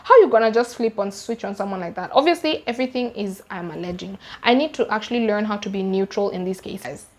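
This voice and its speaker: A young Kenyan woman with a Kenyan English accent recounting a true-crime case in an animated, slangy, emphatic way. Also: mid-range voice, fast, few pauses. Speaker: YouTuber. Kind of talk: true-crime storytime vlog.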